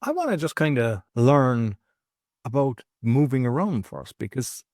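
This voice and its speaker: A man's voice: mid-range voice, very animated, a little slow, a little mellow, no room sound. An Irish man hosts a podcast in an ordinary mid-range voice, talking loosely and wandering into asides. The recording is dry and close. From Ireland. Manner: informal, rambling asides with fillers. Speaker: podcast host. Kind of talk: casual podcast interview.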